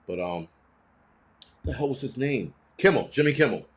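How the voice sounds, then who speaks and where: A man's voice: mid-range voice, lively intonation, normal speed. A man hosting his own show, ranting in heated, blunt, profane commentary full of rhetorical questions. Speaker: host.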